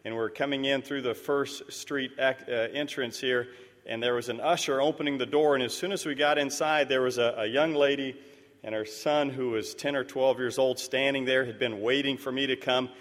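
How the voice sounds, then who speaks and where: A man's voice: mid-range voice, fairly even intonation, moderate pace, fairly bright tone. A man giving a mission report to a church, telling stories earnestly and with animation. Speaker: missionary speaker. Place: church sanctuary. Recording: echoey church hall.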